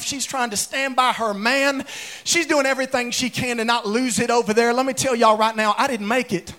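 A man, a pastor, preaching a humorous sermon full of folksy comic storytelling. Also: very high voice. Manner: folksy, animated, comic storytelling that bursts into shouts. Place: church sanctuary with congregation.

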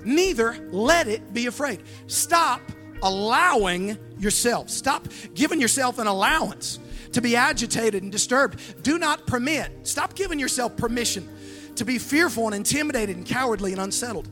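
A woman pastor preaching a fervent sermon, calling on the crowd to answer back, with a sing-song, drawn-out phrasing. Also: on the high side, lively intonation, fairly bright tone, faint music behind. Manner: emphatic preaching with call-and-response.

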